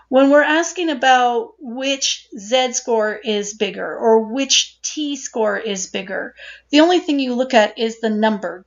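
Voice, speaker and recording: A woman instructor giving a recorded statistics lecture, explaining step by step and checking in with "right?" as she goes. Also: on the high side. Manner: explanatory, asks "right?" and repeats points. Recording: dull lo-fi recording.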